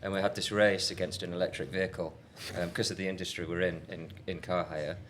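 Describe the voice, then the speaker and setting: Deep-voiced man, chatty co-host. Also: flat delivery, quick pace, fairly bright tone. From Yorkshire, England. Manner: self-deprecating, chatty, laughs easily. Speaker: podcast co-host. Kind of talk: live podcast conversation. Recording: faint ambient noise, live event.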